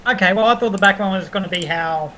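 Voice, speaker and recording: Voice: mid-range voice, quick pace, sharp tone, rough recording. Tabletop player with a hesitant, stop-start way of talking, thinking aloud. Faint background noise. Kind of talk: tabletop game chat.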